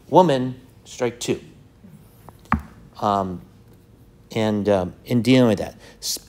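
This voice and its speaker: A man's voice: mid-range voice, a little hiss or hum. A man teaching a Bible study class in a conversational way. He reads out verses, asks the class questions and acts out the people in the story.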